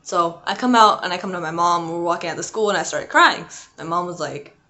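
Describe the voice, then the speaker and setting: A woman's voice: on the low side, brisk, sharp tone. Chatty young woman telling a story. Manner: chatty, rambling, with frequent "like" and "um". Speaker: vlogger. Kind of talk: casual storytime. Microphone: not her usual mic.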